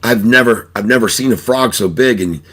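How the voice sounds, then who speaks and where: A man's voice: fairly low pitch, a little fast, fairly bright tone. A man voicing a skeptical female bank loan officer who politely but firmly turns down a request, in a told joke. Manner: doubtful, polite but firm.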